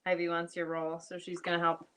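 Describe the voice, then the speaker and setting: A woman's voice: lowish voice, completely flat delivery, fairly quick, sharp tone. A woman hosting a casual livestream chat, laughing often and greeting viewers by name. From United States. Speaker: livestream host.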